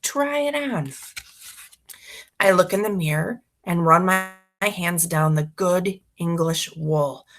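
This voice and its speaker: A woman's voice: on the low side, fairly even intonation, unhurried, hardly any pauses, a bit bright. A woman reading a children's story aloud expressively, narrating as a boy. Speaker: reader for schoolchildren.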